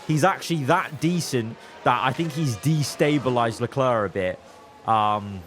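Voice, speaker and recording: A man giving casual, excitable commentary while playing a racing management game, exclaiming at events and muttering through his plans. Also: medium pitch. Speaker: gaming YouTuber.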